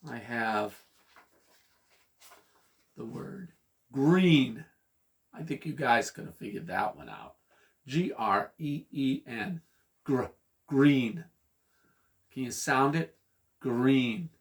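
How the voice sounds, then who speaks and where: Lively slow-paced children's teacher, man. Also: medium pitch, creaky. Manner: slow, patient, spells words letter by letter; animated, sing-song for children. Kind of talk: children's phonics lesson.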